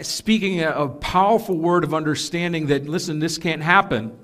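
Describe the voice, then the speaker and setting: A pastor preaches a sermon to his congregation, teaching earnestly and with emphasis, correcting himself and tossing in casual asides. His voice is a little high and fairly bright in tone.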